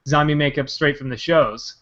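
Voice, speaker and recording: A man's voice: a little high, moderate pace, a bit bright. A man co-hosting a podcast, rambling through stories in casual chat, swearing and laughing as he goes. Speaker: podcast co-host. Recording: dull lo-fi podcast audio.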